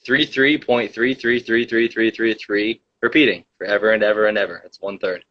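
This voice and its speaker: A man's voice: fairly low pitch, steady tone, moderate pace, highs cut off. A young man hosting a casual livestream, telling a rambling story full of fillers and reading the chat.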